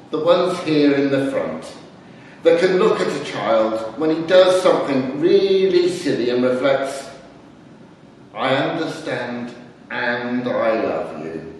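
A man's voice: medium pitch, lively intonation, slow pace, a little mellow, a little hiss or hum. A man playing the Lord as a fond, patient creator in a dramatised church reading, speaking earnestly and tenderly. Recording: echoey church heard from far off.

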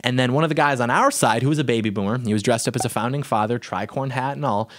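A man's voice: mid-range voice, fast, a bit bright. A young man in his twenties delivering an indignant, sarcastic opinion monologue as a political commentator.

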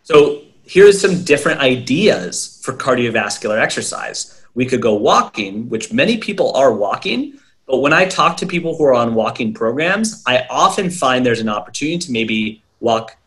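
A man's voice: mid-range voice, very animated, moderate pace, a bit bright. Earnest male coach explaining exercise ideas. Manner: earnest, lecturing, lists examples with frequent "right?". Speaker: brain health coach, interview guest. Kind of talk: explanatory interview talk.

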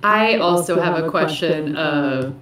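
A woman's voice: sits low, slow pace, a bit bright. Woman, tabletop player, jokey, bubbly, roomy echo, distant from mic. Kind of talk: casual tabletop game chat.

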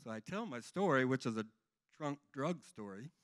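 A man's voice: medium pitch, lively intonation, moderate pace, a bit bright. A middle-aged man giving a rambling, earnest personal testimony to a church congregation. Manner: earnest, rambling storytelling with restarts.

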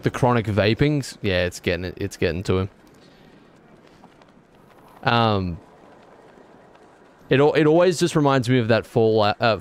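A man's voice: fairly low pitch, slight background noise. A man streaming a video game, rambling and correcting himself, with exasperated outbursts. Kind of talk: casual gameplay commentary.

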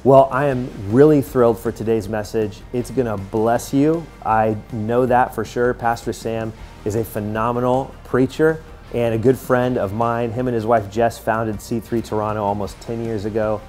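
A man's voice: mid-range voice, fairly even intonation, moderate pace, a little mellow, soft background music. A man leading a church's announcements in an upbeat, encouraging way before introducing a guest preacher. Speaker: church leader giving announcements.

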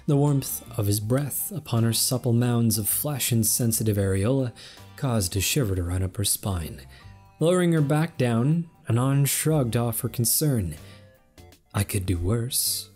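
A man reading fan fiction aloud in steady narration. His voice is mellow and dark, at an ordinary pitch. Faint music plays beneath. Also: normal speed. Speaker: story reader.

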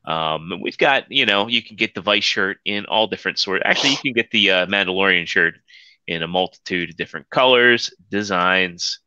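A man hosting a podcast, chatting casually and rambling with plenty of fillers. His voice is bright and forward, sitting a little low. The audio is dry and dull, like lo-fi call audio. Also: fairly quick, no echo. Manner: loose, rambling, many fillers. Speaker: podcast host. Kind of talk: casual chat.

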